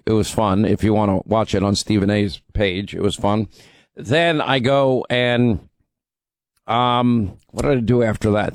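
A man hosting a radio talk show, hoarse from talking too much, rambling and restarting his sentences. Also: medium pitch, no echo. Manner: rambling, self-interrupting, stammers on restarts. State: hoarse, strained voice from overuse. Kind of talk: casual talk radio monologue.

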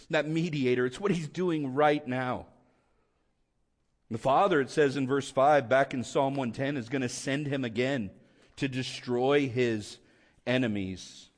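A man preaching a sermon with impassioned swings between loud emphatic lines and quiet hushed ones. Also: mid-range voice. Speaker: pastor.

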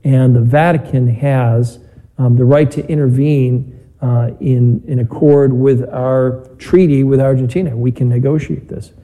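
Mellow-voiced priest preaching in a church. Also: male voice, medium pitch, steady tone, unhurried, rough recording. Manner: conversational preaching with anecdotes. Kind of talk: Gospel reading and homily. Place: church or chapel.

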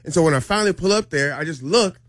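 A man hosting a morning radio show, telling animated stories in casual banter. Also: a little high, fast talker, no room sound, clean studio sound. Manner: animated storyteller.

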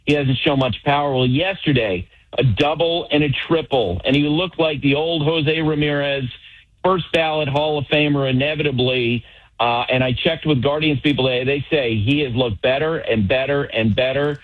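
A middle-aged man talking baseball as an analyst on sports radio, opinionated and rattling off examples. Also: medium pitch. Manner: opinionated, piles up quick examples. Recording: dull lo-fi radio sound.

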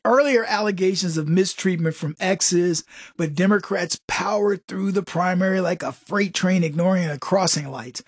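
A man's voice: sits high, moderate pace, slightly rough, no room sound, clean studio sound. A man delivering a sarcastic, folksy political commentary monologue full of joking asides.

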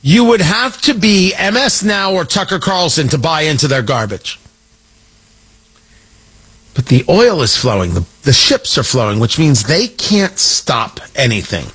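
A man's voice: on the high side, big pitch swings, unhurried, fairly bright tone, husky. A man delivering an emphatic, sarcastic political commentary monologue, hammering his points through repetition.

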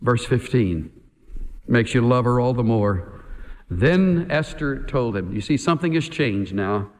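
A man's voice: mid-range voice, lively intonation, measured pace. A man preaching a sermon in an emphatic way, pressing his point with rhetorical questions. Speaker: pastor. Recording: echoey hall reverb.

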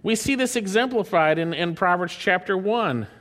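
A man preaching a sermon, emphatic, lifting his voice to quote scripture and dropping it low to drive points home. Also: lively intonation, moderate pace, a bit bright. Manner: emphatic, swings between raised and dropped voice, quotes scripture in a lifted tone.

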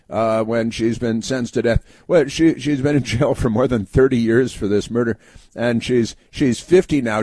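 A man hosting a talk show, giving sarcastic political commentary in a halting delivery full of fillers and restarts. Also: medium pitch, warm tone, no echo. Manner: sardonic, mock-cheerful asides.

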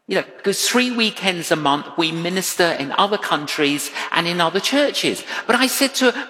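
A man preaching a sermon, telling a personal story with lively acted-out quotes. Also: high-pitched, measured pace. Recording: long hall reverb.

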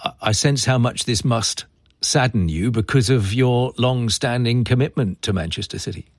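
A man presenting a radio discussion in a measured, formal way. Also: medium pitch, no room sound, clean studio sound.

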